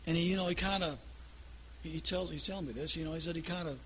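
Husky, high-voiced preacher. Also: male voice, steady tone, fast talker, bright, forceful tone. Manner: folksy storytelling that builds to emphatic declarations. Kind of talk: sermon.

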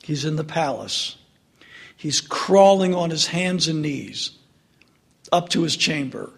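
Slow, high-voiced man preaching a sermon. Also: lively intonation, vocal fry, fairly bright tone, slightly rough. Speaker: pastor.

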